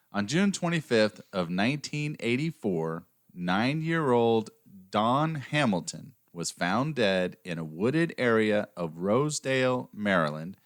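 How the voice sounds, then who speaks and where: Host: lower-pitched man, dry close mic, narrates with wry humor. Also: no echo. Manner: jokey, wry asides while reading the case. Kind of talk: casual podcast chat with scripted narration.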